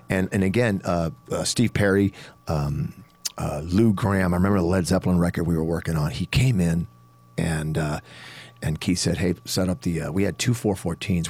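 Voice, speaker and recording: Deep-voiced man rambling about singing. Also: a little mellow, slightly rough, dry recording. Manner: rambling, full of restarts, demonstrates vocal tricks. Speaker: rock singer and studio vocalist. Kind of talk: casual podcast chat.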